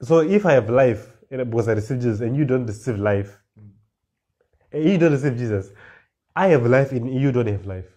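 In this sermon, a man with a mid-range, dark-toned voice and lively intonation reads Bible verses slowly, then explains them with growing emphasis and repeated phrases.

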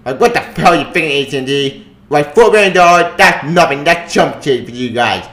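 A man's voice: on the high side, expressive, a bit bright, echoey room. A man ranting angrily and profanely on his own channel, repeating himself and stumbling over his words. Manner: profane, agitated, repetitive, halting. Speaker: gaming vlogger. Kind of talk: angry solo rant.

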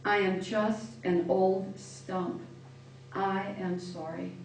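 A woman reading the part of a gentle old female apple tree, soft and pleading. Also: medium pitch, flat delivery, slow pace, creaky, slight background noise. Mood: tender. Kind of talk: reading a children's story aloud. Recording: echoey room from far off.

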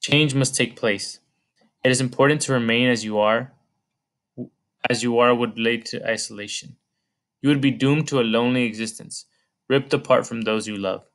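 A man reading the part of a sorrowful ancient female weeping spirit, gentle, solemn and pleading. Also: medium pitch, fairly even intonation, moderate pace, pauses often, lightly acted.

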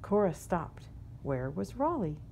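A woman reading a children's picture book aloud in a gentle, unhurried storytelling manner. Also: on the low side, big pitch swings, creaky, a little hiss or hum. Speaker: storybook reader.

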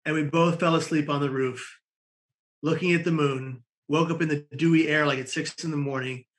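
A man from the United States, a podcast guest, telling a lively anecdote and acting out the people in it. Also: a little high, moderate pace. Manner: lively, acts out the people in his story. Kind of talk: animated storytelling.

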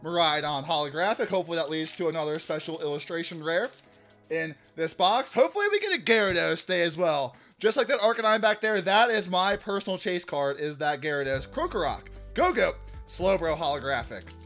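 A man hosting a casual card-opening vlog, chatty and upbeat, shouting out big pulls and often restarting his sentences. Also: a little high, animated, brisk, faint music behind. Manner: chatty, hypes big pulls loudly, self-correcting restarts. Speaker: card-opening channel host.

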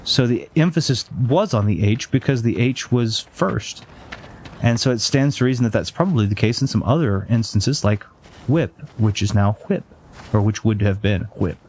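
A man's voice: mid-range voice, normal speed, darkish tone, a little hiss or hum. A man hosting a casual gameplay chat, rambling off on tangents with lots of ums and uhs. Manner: rambling, goes off on tangents with many fillers. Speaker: let's play host.

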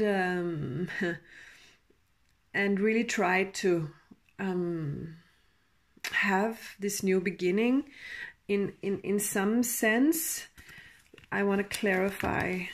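A woman giving a tarot reading in a halting, emotional way, with sighs and soft laughs. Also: mid-range voice. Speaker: tarot reader.

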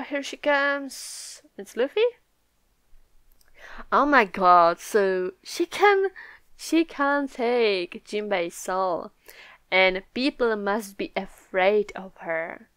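Smooth-voiced excitable young woman reacting. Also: medium pitch, no echo. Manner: excitable, swears freely, laughs often. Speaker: manga reaction video host. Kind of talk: live reaction while reading a comic.

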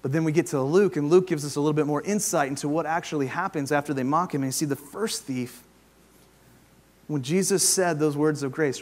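A man preaching a sermon, moving between loud emphasis and hushed, quiet passages as he retells a scripture story. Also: a little high. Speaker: pastor. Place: church sanctuary.

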